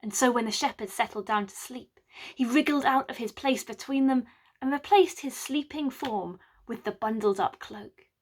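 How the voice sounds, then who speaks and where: A woman scholar telling a medieval play aloud as a winter tale, with lively, wry asides to the listener. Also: on the high side, normal speed. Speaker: storyteller, medieval drama scholar. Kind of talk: oral storytelling of a medieval play.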